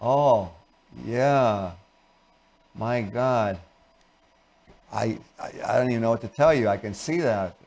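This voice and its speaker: Man doing a deflated, murmuring spouse, low and quiet, flat and calming. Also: takes it slowly, vocal fry, long pauses, a little hiss or hum. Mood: bored, soothing. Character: weary, low-voiced man soothing an angry spouse.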